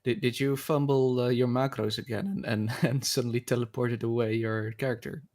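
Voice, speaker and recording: A man's voice: mid-range voice, fairly even intonation, normal speed, a little mellow, dry recording. Hesitant man chatting at a game table. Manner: hesitant, many fillers. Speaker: player. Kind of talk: casual tabletop game chat.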